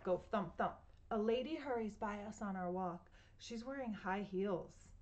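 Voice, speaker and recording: A woman's voice: mid-range voice, moderate pace, darkish tone, slight background noise. A woman reading a picture book aloud to children at home, playfully imitating sounds and asking her listeners questions. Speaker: storytime reader.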